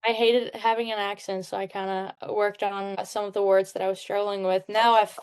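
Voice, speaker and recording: A woman's voice: mid-range voice, little pitch movement, moderate pace, a little mellow, clean tone. Young Czech-born woman, twenties, upbeat and chatty, casual interview guest. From Czech Republic. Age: 20s. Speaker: guest, hockey player.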